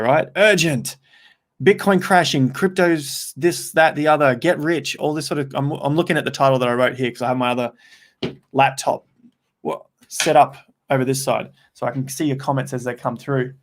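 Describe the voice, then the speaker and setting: A young man hosts a live stream, talking right to his viewers as he reads their comments. He rambles in an upbeat way and often restarts his sentences mid-thought, in a voice of middling pitch. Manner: chatty and rambling, with frequent restarts; upbeat, talks straight to viewers. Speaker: crypto livestream host. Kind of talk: casual livestream chat, reading out viewer comments.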